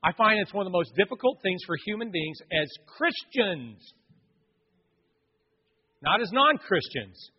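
A man's voice: high voice, measured pace, pauses often, husky. A man preaching a sermon, telling a personal story and acting out the other people in it. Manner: storytelling, animated, acts out voices of others. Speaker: pastor. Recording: dull lo-fi audio in a long-reverb hall.

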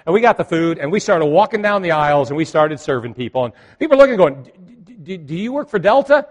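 A man's voice: high-pitched, very animated, brisk. A middle-aged male pastor telling a personal story in a sermon, acting out the lines of the people in it.

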